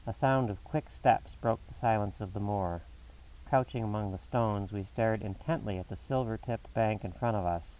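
A man reading a classic novel aloud as a narrator, in a measured, dramatic storytelling manner. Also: fairly low pitch, dark tone, recorded from a distance, poor audio. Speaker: audiobook narrator.

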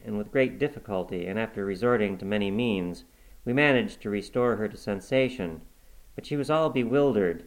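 A man reading a classic novel aloud in a measured, dramatic first-person narration. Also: on the low side, rough recording. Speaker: audiobook reader.

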